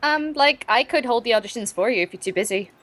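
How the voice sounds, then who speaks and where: A woman's voice: fairly high pitch, expressive, quick pace, fairly bright tone. A woman co-hosting a game stream, chatting casually and playfully. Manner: giggly, playful. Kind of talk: casual chat.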